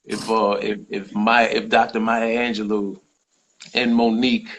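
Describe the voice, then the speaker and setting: A male podcast host and comedian chatting excitedly, stumbling over restarts and giving shout-outs. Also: lowish voice, measured pace, poor audio. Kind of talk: casual livestream chat.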